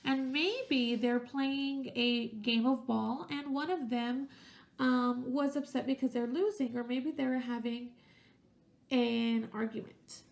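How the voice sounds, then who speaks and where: A woman's voice: high voice, steady tone, takes it slowly, vocal fry. A woman teacher reading a picture book aloud to young children, stopping to ask questions and using voices for the characters.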